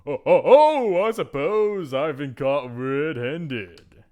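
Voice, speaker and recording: A man's voice: fairly high pitch, lively intonation, slow, warm tone. A charming, vain swordsman mentor, as a man acts him out, teasing and flirtatious. The delivery swings up and down with play.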